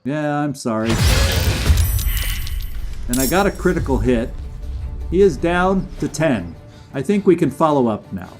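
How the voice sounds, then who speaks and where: A chatty man commentating his own gameplay on stream, his fairly high voice swinging widely up and down. He talks at an unhurried pace, breaking into eager chatter and laughter, with faint game music playing underneath. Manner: chatty, excitable, laughs often.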